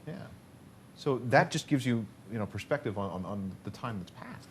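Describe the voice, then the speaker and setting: A man hosting a casual radio interview, asking relaxed, jokey follow-up questions. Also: mid-range voice, normal speed, slight background noise. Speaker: radio host.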